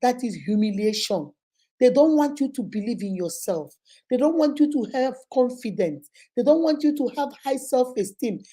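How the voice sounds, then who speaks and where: A woman's voice: on the high side, expressive, normal speed, dark tone. A woman with a Nigerian accent giving emphatic, repetitive relationship advice to her viewers. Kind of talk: motivational talk to viewers.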